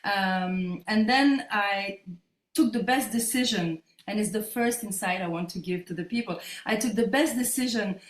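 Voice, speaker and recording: A French woman in her fifties, speaking English with a French accent, tells her story as an interview guest. Her mid-range voice comes out haltingly as she hunts for words, and the recording has a roomy echo.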